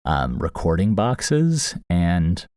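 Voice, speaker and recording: A man hosting a podcast tells a funny story slowly in a deep, sing-song, slightly mellow voice. He's rambling and amused, with lots of fillers and restarts. He's recorded close on a studio mic in a small foam-lined box, and the result is very dry booth sound.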